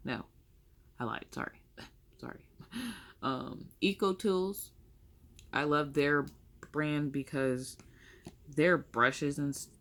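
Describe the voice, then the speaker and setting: A woman's voice: a bass voice, gravelly, noisy background. A young woman chatting casually through her makeup tutorial, rambling and correcting herself as she goes. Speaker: makeup vlogger.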